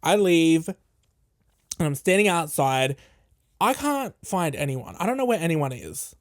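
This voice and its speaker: A male podcast host telling a casual, animated story full of swearing, acting out what other people said. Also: a little high, measured pace, no echo, studio quality. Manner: animated, profane, acts out quoted people.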